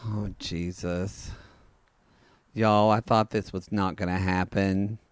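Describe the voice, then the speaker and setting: A man's voice: deep voice, level tone, takes it slowly, clean tone, no room sound, clean studio sound. A man co-hosting a podcast, speaking sassily and profanely, addressing listeners as y'all in casual comedic chat. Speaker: podcast co-host.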